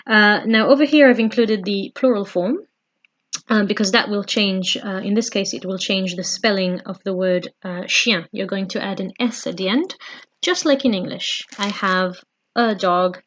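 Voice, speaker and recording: A woman teaching a home-learning French lesson, patient and slow, repeating phrases with frequent fillers. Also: mid-range voice, a bit bright, lo-fi sound.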